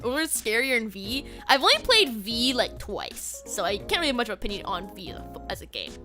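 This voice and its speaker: A woman's voice: a little high, a little fast, over music. A young woman streamer chatting casually on a livestream, ranting with laughter and frequent swearing. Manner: animated, swearing, laughing rants. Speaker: VTuber streamer.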